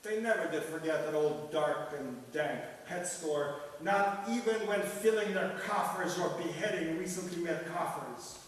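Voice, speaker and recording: A poet from Russia giving a live poetry reading, with wry, dry asides between poems. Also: male voice, fairly high pitch, unhurried, hardly any pauses. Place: festival event hall. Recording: echoey hall, mic at a distance.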